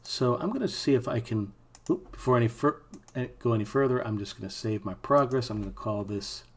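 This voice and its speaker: An animation instructor thinks aloud while working through a screen-recorded tutorial, tossing casual asides to his students. He has a mid-range, breathy voice and a brisk delivery.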